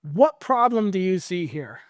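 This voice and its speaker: A male pastor with an American accent, preaching a sermon in a conversational, animated storytelling way. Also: sits high, a little slow, no echo, clean studio sound.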